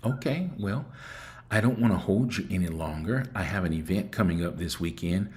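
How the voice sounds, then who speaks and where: A man's voice: sits low, animated, moderate pace, a little mellow. A man hosting a call-in show, talking in a chatty, reflective way and often repeating words. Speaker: show host. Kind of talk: casual call-in show talk.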